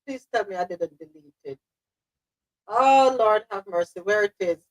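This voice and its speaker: A woman's voice: medium pitch, moderate pace, poor audio. A woman hosting a news talk podcast, reading segments with chatty asides. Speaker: podcast host.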